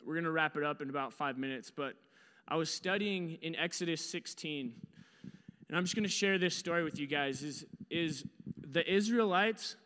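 Animated man preaching in a reverberant hall. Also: a little high, moderate pace, clear, resonant tone. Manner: animated storyteller, acts out his own panicked shouts. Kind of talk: storytelling sermon.

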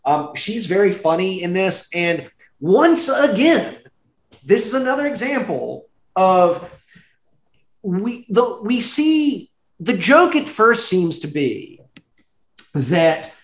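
A man's voice: high-pitched, sing-song, slow pace. A man co-hosting a casual podcast about a movie, rambling with many fillers and frequent laughter. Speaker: podcast co-host. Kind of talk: casual chat reviewing a movie. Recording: roomy echo.

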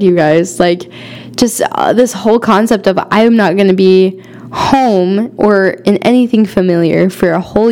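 A young woman recounts a personal faith story in a loose, conversational way, sprinkling in fillers as she goes. Her voice sits at an ordinary middle pitch, earnest and openly emotional. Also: a little mellow. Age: young adult. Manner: chatty, many fillers and "like". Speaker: podcast host.

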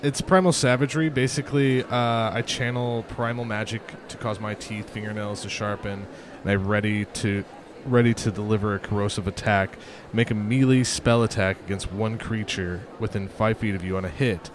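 A man's voice: on the low side, fairly even intonation, normal speed. A man playing a tabletop game who explains his character in a rambling way, full of fillers. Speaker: player. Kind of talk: casual tabletop game chat.

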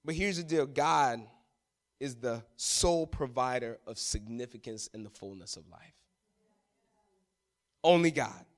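A man preaching as a pastor, swinging between loud emphatic passages and hushed, quiet ones. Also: medium pitch, unhurried, long pauses. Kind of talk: sermon.

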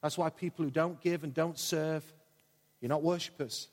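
Husky-voiced preacher in reverberant hall. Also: male voice, a little high, fairly even intonation, moderate pace. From England. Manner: impassioned, repetitive preaching. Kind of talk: sermon. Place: large church hall. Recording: long church hall reverb.

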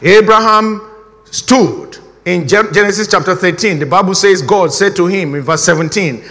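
Middle-aged man, high voice, animated repetitive sermon delivery. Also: brisk. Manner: animated, emphatic, repeats key phrases. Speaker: preacher. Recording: reverberant hall.

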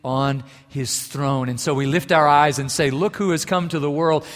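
A man's voice: fairly high pitch, steady tone, moderate pace. Earnest preacher man in a reverberant hall. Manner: earnest preaching, swelling louder on key phrases, dropping soft for stories. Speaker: pastor. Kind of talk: sermon.

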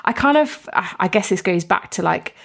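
A woman co-hosting a podcast in casual chat, speaking hesitantly with many pauses and fillers. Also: lowish voice, lively intonation, creaky, a bit bright, breathy edge. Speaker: podcast co-host.

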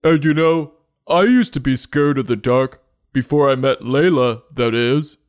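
A man's voice: medium pitch, unhurried, voice pushed up, lightly acted. A man doing a sweet, earnest minotaur. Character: friendly male minotaur.

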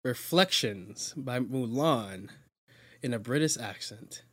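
A woman's voice: rumbling low, expressive, slow, no echo, clean studio sound. A young woman hosting a casual chat, playful and teasing, laughing often. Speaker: host.

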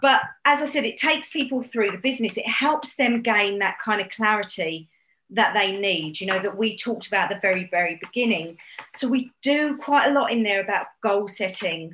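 A woman business coach with a mid-range voice, explaining in a brisk, encouraging way. Her voice carries a roomy echo around it. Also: medium pitch, a bit bright, slight background noise. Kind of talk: casual interview chat.

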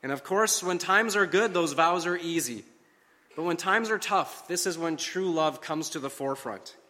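A man preaching a sermon in a measured, earnest way, slowing down to stress key phrases. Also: a little high, sharp tone, in a large hall. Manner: measured, earnest delivery with slow emphatic phrases.

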